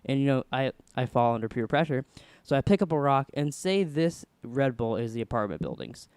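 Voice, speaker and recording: A young man hosting a podcast, casually rambling through an animated story. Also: mid-range voice, fairly quick, clear, resonant tone, no echo. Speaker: podcast host.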